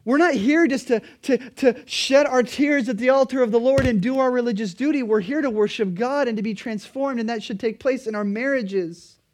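Male pastor, higher voice, earnest emphatic sermon delivery. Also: moderate pace, few pauses. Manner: emphatic preaching, pleading then quietly earnest.

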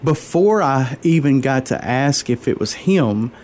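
A man as an interview guest, telling a personal faith story in an earnest, halting way, openly moved. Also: medium pitch, animated, darkish tone, a little hiss or hum. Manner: earnest, halting, many fillers and restarts.

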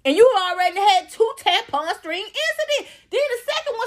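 Lively, blunt-talking woman ranting. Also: extremely high pitch, a little fast, few pauses. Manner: blunt, profane, sarcastic ranting. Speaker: gossip commentator. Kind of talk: ranting celebrity gossip commentary.

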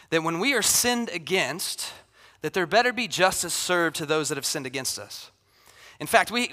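A man's voice: high-pitched, sharp tone. A man in his thirties preaching a sermon, telling a family story and acting out his children's voices. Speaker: pastor. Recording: long hall reverb.

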